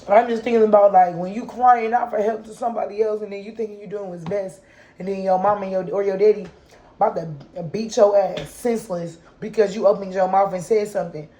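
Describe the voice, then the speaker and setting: A woman's voice: medium pitch, fairly even intonation, fairly quick, warm tone, low-quality recording. Impassioned mother ranting to her viewers. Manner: impassioned, ranting, piles up rhetorical questions; casual slangy speech addressing viewers as y'all. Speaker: mother and kids' advocate. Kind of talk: unscripted vlog monologue.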